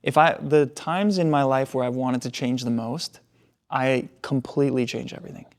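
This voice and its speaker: A man's voice: medium pitch, fairly even intonation, normal speed. A man co-hosting a podcast, chatting casually and reflecting on his own life changes.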